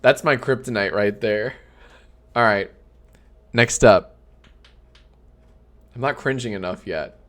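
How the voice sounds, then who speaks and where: A man's voice: slow pace, long pauses, a bit bright. Sarcastic man cracking jokes on stream. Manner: sarcastic, joking, swears freely; breaks into high laughter. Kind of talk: casual live-stream chat.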